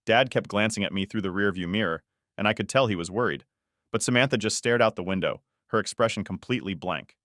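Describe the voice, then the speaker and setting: A man's voice: fairly low pitch, quick pace, fairly bright tone, no echo, studio quality. A man narrating a scripted first-person story in a casual, conversational way.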